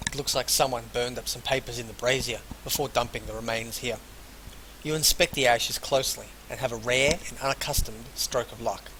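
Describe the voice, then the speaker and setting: A man's voice: mid-range voice, steady tone, brisk, background noise. A man playing a role-playing game, reading the on-screen text aloud and adding casual offhand remarks. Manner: reads game text in full, then drops casual offhand asides. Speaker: let's player.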